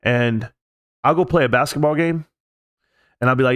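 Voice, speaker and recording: A man's voice: medium pitch, moderate pace, fairly bright tone, no room sound. Male streamer, mid-range voice, dry sound, heartfelt rambling chat from home. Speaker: live-stream host. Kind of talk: casual live-stream talk. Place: at home, alone.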